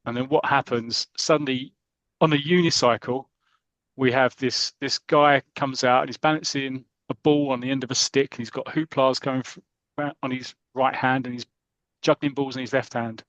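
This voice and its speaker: A man's voice: mid-range voice, moderate pace, dry recording, poor audio. A man hosting a podcast, retelling a comic story in casual chat and acting out the characters' lines. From England. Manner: animated storytelling, acting out quotes. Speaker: podcast host.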